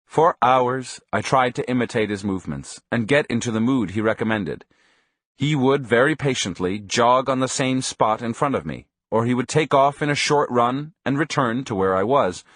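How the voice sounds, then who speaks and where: A man reading an audiobook in scripted narration, measured and even. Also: mid-range voice, dry recording, clean studio sound.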